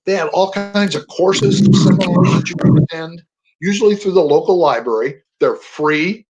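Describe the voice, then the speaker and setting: A man's voice: on the high side, rough recording. Older man telling stories with energy. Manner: storytelling, animated emphasis on words. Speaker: guest, veteran. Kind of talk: radio interview.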